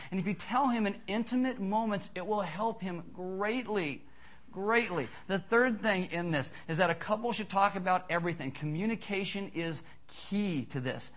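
Male pastor, middle-aged, high voice, animated joking sermon delivery. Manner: animated, joking, emphatic preaching.

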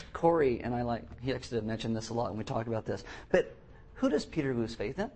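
Husky-voiced man preaching a sermon. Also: high-pitched. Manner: animated, reads scripture aloud with emphasis and acts out quotes.

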